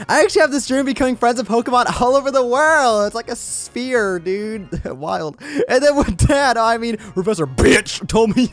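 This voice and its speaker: A man voicing a ditzy, bubbly teenage girl in a high, squealing cheerleader voice with drawn-out words, for a game playthrough.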